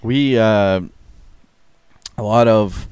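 A young man chats on a podcast, crude and joking, quick to swear and laugh. His voice is smooth, clear and a little low. The sound is dry and close. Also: darkish tone, no echo. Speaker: podcast co-host. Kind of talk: casual podcast chat.

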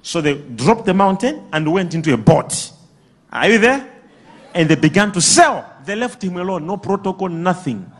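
A man preaching a sermon to a congregation, drawing replies from the crowd and breaking into shouts and laughter. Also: high voice, moderate pace. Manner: animated, bursts into shouts and laughter. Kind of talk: sermon with call-and-response.

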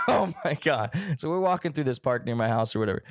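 A young man telling a story in casual chat, animated, laughing often and swearing heavily. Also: mid-range voice, fast talker, no echo, studio quality.

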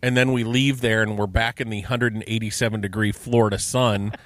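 A man's voice: fairly low pitch, little pitch movement, brisk. A middle-aged man co-hosting a podcast, chatting casually and enthusiastically and asking lots of questions. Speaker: podcast co-host. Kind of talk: casual chat.

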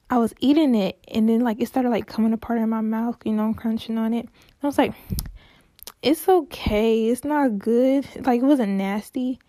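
A young woman hosts her own show and tells a story with chatty fillers and sudden dramatic exclamations. Her voice is a little high, with a mellow, gravelly tone. The sound is close and dry. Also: dry recording. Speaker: podcast host. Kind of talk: casual storytelling monologue.

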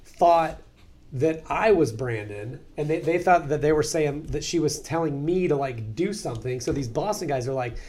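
A man telling a story in casual chat, profane and animated, acting out other people's voices. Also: fairly high pitch, moderate pace.

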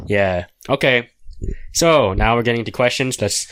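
A teenage boy in casual chat, chiming in with quick jokes and teasing remarks. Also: medium pitch, fairly bright tone, clean tone. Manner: wisecracking, quick interjections.

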